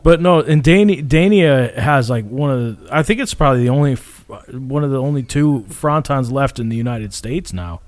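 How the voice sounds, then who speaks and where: A man's voice: medium pitch, normal speed, few pauses. A young man from Florida telling a rambling story on a podcast, swearing often and acting out other people's lines. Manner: swears a lot, animated, acts out quotes with shouts. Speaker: podcast co-host. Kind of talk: casual storytelling.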